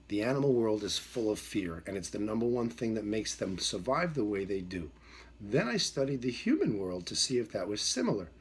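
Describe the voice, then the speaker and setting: A middle-aged dog trainer with a husky, mid-range voice tells a story as a monologue. He's emphatic and repetitive, acting out the voices of the characters.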